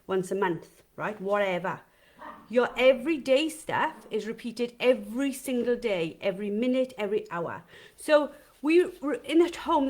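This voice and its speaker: A middle-aged woman, hosting a live session as a dog trainer, talking casually and rambling with asides and questions to her viewers. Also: medium pitch. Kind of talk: casual live-stream talk. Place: home, with dogs in the kitchen.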